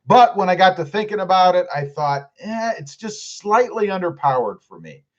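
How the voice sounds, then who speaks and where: A middle-aged man hosts a relaxed live stream, reading chat comments out loud and joking back at them. His voice sits a bit high and moves all over the place. The audio sounds dull and lo-fi. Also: normal speed. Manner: chatty, jokey, reads comments aloud. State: clearing his throat.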